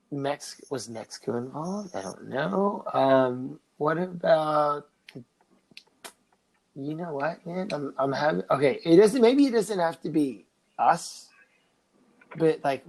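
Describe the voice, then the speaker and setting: A man's voice: a little high, animated, slow, pauses often, rough recording. A young man co-hosting a casual podcast, telling a story in a rambling way with lots of fillers, restarts and swearing. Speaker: podcast co-host.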